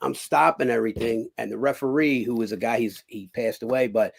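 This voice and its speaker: A man talks as a guest in a casual interview, and his voice has a gravelly, rough texture. He tells his stories with energy and acts out other people's lines, swearing freely along the way. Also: medium pitch, fairly even intonation, fairly quick. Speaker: guest, former boxer and cut man.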